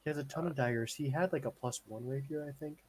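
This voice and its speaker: A man's voice: medium pitch, fast talker. Rules-arguing man, faint background noise. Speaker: player. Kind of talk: tabletop role-play chat.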